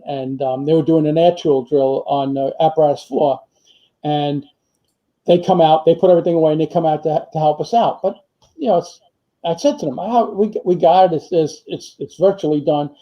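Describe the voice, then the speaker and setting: An older man with a fairly high voice tells rambling stories from his working years, his talk packed with fillers and quoted lines. The recording is muffled and lo-fi. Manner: rambling anecdotes with many fillers and quoted dialogue. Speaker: retired firefighter and author, guest. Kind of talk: storytelling in a casual interview. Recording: muffled lo-fi audio.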